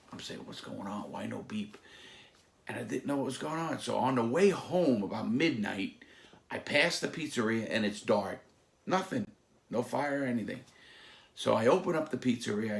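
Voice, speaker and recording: A man tells stories in a casual, animated way, and the gruff gravel in his low voice carries every line. He slips into other people's voices and breaks into sudden loud outbursts as he acts them out. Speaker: former mob associate telling stories. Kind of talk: casual storytelling.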